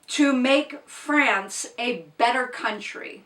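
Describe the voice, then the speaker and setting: A woman's voice: on the high side, expressive, slow, sharp tone, far from the mic. A woman chatting casually through a book wrap-up, blunt and opinionated, with plain asides to the viewer. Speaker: book reviewer. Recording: echoey room, off-mic.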